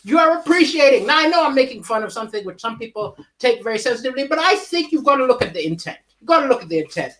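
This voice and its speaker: A man doing a livestreamed stand-up comedy monologue from home. He talks in an animated way, with big swings in pitch and chuckles between jokes. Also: racing, few pauses.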